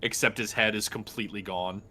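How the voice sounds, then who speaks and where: A man narrating as dungeon master in a casual, halting way with many fillers. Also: on the low side, fairly even intonation, pushed and bright. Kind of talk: narrating a tabletop game.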